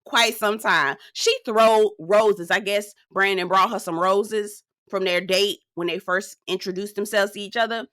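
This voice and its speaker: A woman's voice: medium pitch, fairly even intonation, unhurried, hardly any pauses, fairly bright tone, no room sound, clean studio sound. A woman hosting a casual, sassy recap of a reality show, talking straight to her viewers.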